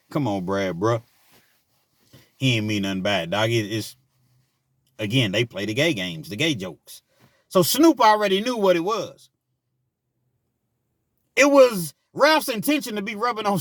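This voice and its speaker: A middle-aged man casually telling a personal story, laughing often and swinging between loud bursts and quiet asides. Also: on the high side, no echo, studio quality. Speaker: storyteller vlogger.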